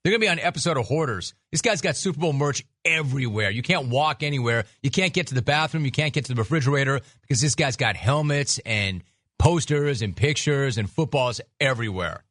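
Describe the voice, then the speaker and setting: A man hosts a sports talk radio show, riffing sarcastically and mocking his subjects at a quick clip. His pitch sits in the middle of the range. The sound is dry and close to the mic. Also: lively intonation, fairly bright tone, dry recording. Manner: sarcastic, mocking, rapid riffs.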